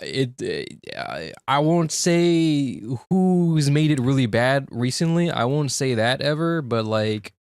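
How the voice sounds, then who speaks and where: A man's voice: medium pitch, big pitch swings, slow pace, creaky, hardly any pauses, a little mellow, clean tone, no room sound, clean studio sound. A young man streaming in casual chat, frank and profane, often restarting his sentences.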